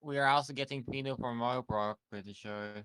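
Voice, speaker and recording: A man in casual voice chat while gaming, easygoing and prone to trailing off quietly. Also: mid-range voice, fairly even intonation, fairly quick. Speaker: game player.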